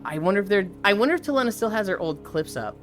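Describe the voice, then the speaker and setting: On a live stream, a young woman chats casually while retelling an anime, adding lively, profane commentary and acting out quotes. Her pitch is medium, she talks fast, and faint music plays behind her.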